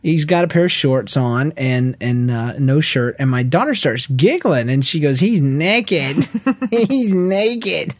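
A man in his thirties co-hosting a podcast in casual chat, telling stories with lots of restarts and quick laughs. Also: medium pitch, lively intonation, no echo. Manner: rambling storyteller with many restarts and laughs. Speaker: podcast co-host.

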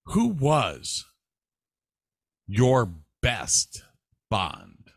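A man co-hosting a casual chat, asking his partner questions at an unhurried pace. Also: medium pitch, wildly swooping pitch, gravelly, dry recording, studio quality. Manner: leads with questions, slow and drawn out.

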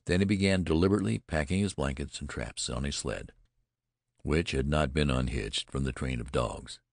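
A man narrating an adventure audiobook in a measured, dramatic storytelling manner. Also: very deep voice, vocal fry, no room sound, clean studio sound.

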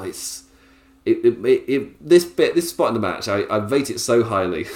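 A wrestling podcaster with a mid-range voice gives a casual, chatty review of a wrestling show, his sound roomy. He laughs often and talks in loose bursts heavy with fillers.

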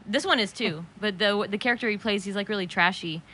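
A woman's voice: mid-range voice, fast, sharp tone, a little hiss or hum. A woman chatting casually on a podcast, laughing often and trailing off mid-thought. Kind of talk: casual chat.

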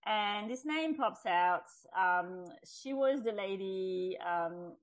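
A woman's voice: medium pitch, expressive, takes it slowly, low-quality recording. A middle-aged woman, a podcast guest, telling her personal story in a chatty way, with restarts and laughs. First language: French. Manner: chatty, with restarts and laughs, acts out her past self in quotes. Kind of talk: personal testimony in an interview.

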